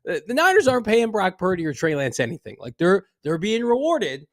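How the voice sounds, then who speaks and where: A man hosting a casual sports podcast, talking with energetic, wry banter from a studio. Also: high voice, brisk, dry recording. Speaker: podcast host.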